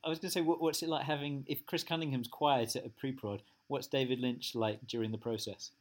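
A man interviewing a guest, asking questions in a relaxed, conversational way. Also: medium pitch, a little fast, heavy background noise. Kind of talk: casual interview chat.

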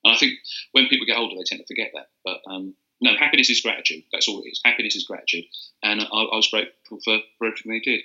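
A man's voice: fairly low pitch, steady tone, rapid-fire, sharp tone, highs cut off. An older man, a copywriter telling rambling anecdotes with restarts in a casual interview. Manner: rambling storyteller with restarts and chuckles. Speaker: interview guest, advertising copywriter.

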